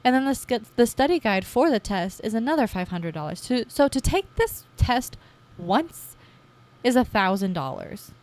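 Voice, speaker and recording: A young woman in her twenties, hosting her own podcast, telling her story in a chatty, casual way and acting out her past self with lively jumps in voice. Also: a little high, normal speed. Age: 20s. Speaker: podcast host. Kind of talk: casual personal podcast monologue.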